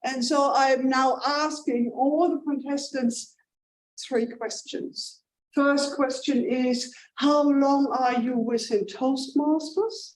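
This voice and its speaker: German-accented woman contest chair, high voice, teasing and jokey on stage. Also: fairly even intonation, slow, a little hiss or hum, low-quality recording. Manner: playful, self-teasing asides. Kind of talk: emceeing a speech contest.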